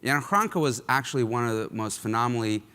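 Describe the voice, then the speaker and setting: A man's voice: mid-range voice, quick pace, pushed and bright, clean tone. A man from Russia giving a conference keynote, talking conversationally with frequent ums and uhs. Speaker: keynote speaker. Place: large lecture hall. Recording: long hall reverb.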